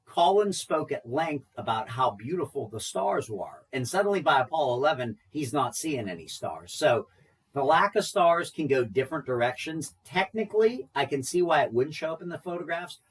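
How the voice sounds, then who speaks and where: A man's voice: medium pitch, husky, far from the mic, poor audio. A man talking animatedly in a casual podcast chat, joking and laughing often.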